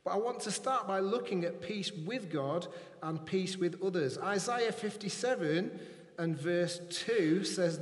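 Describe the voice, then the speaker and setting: A man preaching a sermon, reading scripture aloud and then repeating key lines softly for emphasis. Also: sits high, unhurried. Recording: echoey hall with long reverb.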